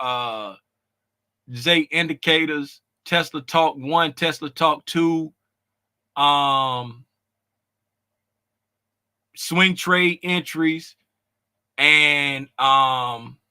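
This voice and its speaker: A man hosting a casual trading livestream, greeting viewers in the chat by name, talking loud and animated with slangy, conversational phrasing and frequent laughs. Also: fairly high pitch.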